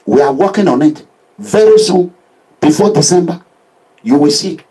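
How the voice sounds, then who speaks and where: A man with a Nigerian accent giving an impassioned social media address as a political activist, animated and preachy, full of proverbs. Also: sits high, normal speed, husky, poor audio.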